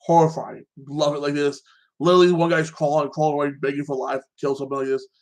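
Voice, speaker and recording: A man excitedly recapping a movie in a casual chat, rambling and filling his talk with fillers. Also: a little high, fast talker. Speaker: podcast host.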